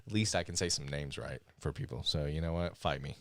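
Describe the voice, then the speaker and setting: A man co-hosting a live podcast in casual chat, animated and laughing often as he reads listener comments aloud. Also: rumbling low, brisk, dry recording, clean studio sound. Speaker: podcast co-host.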